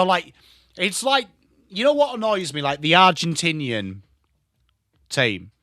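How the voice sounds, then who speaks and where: Excitable sweary Englishman calling footy. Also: a little high, dry recording, clean studio sound. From England. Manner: excitable, sweary, rattles off player names. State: tired from little sleep. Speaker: host of a live football watchalong. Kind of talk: live commentary and chat stream.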